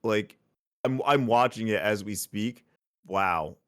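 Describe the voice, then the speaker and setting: A man's voice: on the low side, takes it slowly, fairly bright tone, dry recording, clean studio sound. A man co-hosting a podcast, mostly chiming in with short agreeing remarks in casual chat. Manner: brief agreeing interjections. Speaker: podcast co-host.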